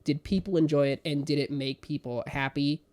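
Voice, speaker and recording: A young man co-hosting a casual podcast, talking in an animated, emphatic way with big swings in loudness. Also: on the high side, a little fast. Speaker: podcast co-host. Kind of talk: casual chat.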